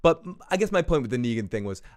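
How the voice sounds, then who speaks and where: Talking fast in a sing-song, mid-range voice, the host of a casual live review show rambles and curses, often breaking into laughter between points. A small desk recorder captures him.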